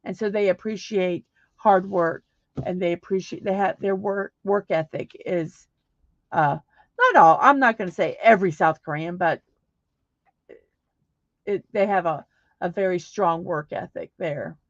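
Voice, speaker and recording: A woman's voice: fairly low pitch, a little slow, long pauses, no echo. A woman hosting a casual livestream, chatting loosely and reading viewer comments, with lots of restarts. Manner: rambling, warm thanks, frequent restarts. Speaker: livestream host. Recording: dry, slightly dull livestream audio.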